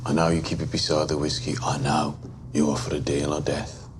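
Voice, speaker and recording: An actor playing a cold, calculating Birmingham gang boss in a crime drama, with a Birmingham accent, speaking quietly and in a clipped, controlled way. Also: male voice, extremely low pitch, a little fast. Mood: cold calm. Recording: steady background noise.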